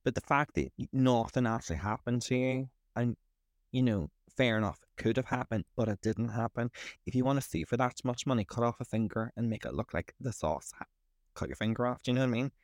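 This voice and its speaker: A man's voice: mid-range voice, a little fast, no room sound, clean studio sound. Blunt, chatty British podcast guy. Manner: chatty and blunt, swears freely. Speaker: podcast co-host. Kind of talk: casual chat.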